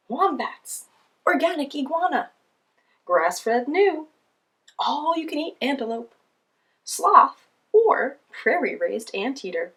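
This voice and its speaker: A woman's voice: a bit bright, full character voice. A woman voicing a bossy, unimpressed lion who coaches a child in a children's book read aloud. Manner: slow, booming, commanding.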